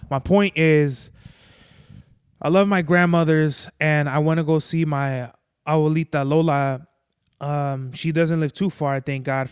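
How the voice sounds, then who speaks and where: Speaking in a smooth, slightly high voice, this podcast host rambles on in a casual solo monologue full of profanity and constant "like" and "bro." He comes from a Mexican-American family, and the studio-quality audio has no room sound.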